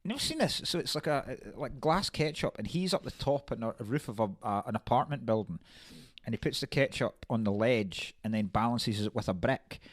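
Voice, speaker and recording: Animated man, lively pitch. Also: a little fast, no echo. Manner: animated, acts out film quotes with laughter. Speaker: podcast co-host. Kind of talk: casual film chat.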